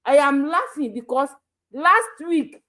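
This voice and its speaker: A Nigerian woman hosts her own YouTube channel, giving casual live commentary in a high voice with big pitch swings. She speaks slowly with a fairly bright tone, laughs a lot, and switches between Yoruba and pidgin English.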